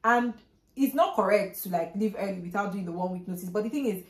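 A woman's voice: mid-range voice, quick pace, reverberant. A young woman giving casual, emphatic advice as a vlog co-host, repeating her points and acting out quoted exchanges.

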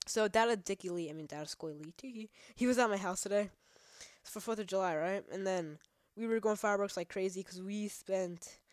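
A woman's voice: mid-range voice, brisk, a little mellow, no echo, studio quality. A woman giving rambling, profane let's play commentary while she plays, trash-talking the game between chatty asides. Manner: rambling, profane, many fillers. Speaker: gaming channel host.

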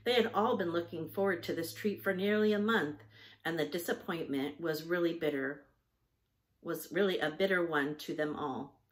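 A woman reading a children's novel aloud in a patient, teacherly way, pausing to spell out hard words. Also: fairly low pitch. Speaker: reader. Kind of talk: storybook read-aloud with spelling breaks.

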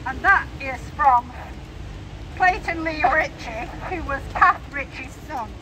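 A woman's voice: high-pitched, slow. A woman in her sixties giving an earnest, emotional public speech at a rally, reading statements aloud. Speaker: campaigner speaking at a rally. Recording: noisy outdoor recording.

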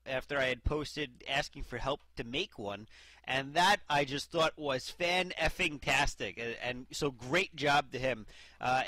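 A man's voice: on the high side, sharp tone, dry recording. A young man doing casual video game commentary, chatty and rambling with lots of fillers and asides.

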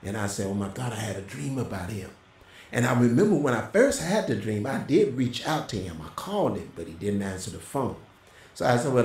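A middle-aged man telling a personal testimony in a casual, animated way, as a co-host. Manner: animated storyteller, voice jumps high when quoting. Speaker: prophet and co-host. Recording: roomy echo.

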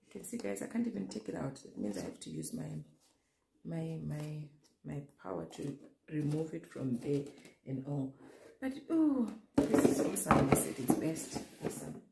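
A woman's voice: low voice, very animated, normal speed, gravelly. A young woman vlogging an unboxing in a casual, gushing way, talking straight to her viewers. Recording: echoey room with faint noise.

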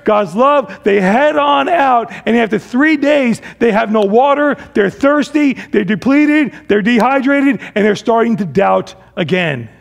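Gravelly, high-voiced man preaching. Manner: dramatic, swings between loud emphasis and hushed low phrases; acts out the Israelites' complaints in a casual voice. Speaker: pastor. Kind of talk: sermon.

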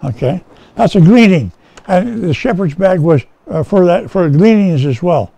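In a rescue mission chapel, a male pastor gives an informal Bible-teaching sermon in a folksy, conversational style, restarting often and frequently asking "okay?" to check on listeners. His high voice has lively intonation, vocal fry, and a mellow tone at a moderate pace. The poor recording carries a little hiss or hum.

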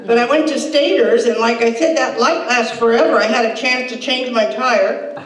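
Heard from far off in an echoey hall, this older comedienne delivers dry, deadpan one-liners with quoted voices to a laughing stand-up crowd. She speaks at a normal speed with a fairly high pitch. The recording is very noisy, with audience laughter throughout.

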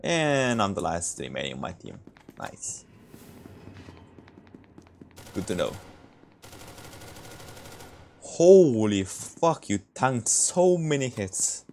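A man streaming a shooter game with viewers, reacting excitedly and swearing, his voice jumping high when shocked. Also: moderate pace, creaky. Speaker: gaming streamer. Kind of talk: casual live game commentary.

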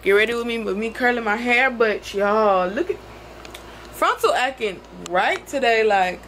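A woman's voice: fairly high pitch, expressive, normal speed, a bit bright, slight background noise. A young woman talking casually to her vlog audience in slangy speech, packing nearly every phrase with "like" and "bro.". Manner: exasperated, venting. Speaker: vlogger.

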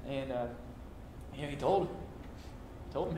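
A man's voice: medium pitch, unhurried, pauses often, dark tone, a little hiss or hum. A man preaching a sermon in a folksy, chuckling way, with many fillers and restarts. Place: church sanctuary. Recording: echoey church room.

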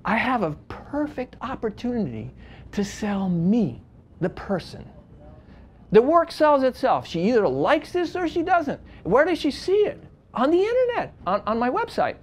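In this lively storytelling lecture, a wedding photographer leads a seminar, his very high male voice moving a little slowly. He talks in an animated, chatty way, often restarting and swinging widely from soft to loud.

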